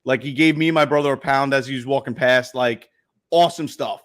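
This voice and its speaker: A man's voice: medium pitch, fairly even intonation, a little fast. A man co-hosting a sports podcast, rambling through stories in laid-back casual chat with lots of fillers. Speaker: podcast co-host.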